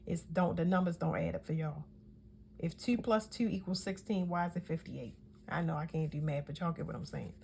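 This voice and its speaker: A woman's voice: on the low side, a little fast, gravelly, warm tone, a little hiss or hum. A woman giving a casual tarot reading, talking in a chatty, emphatic way and often correcting herself mid-sentence. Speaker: tarot reader.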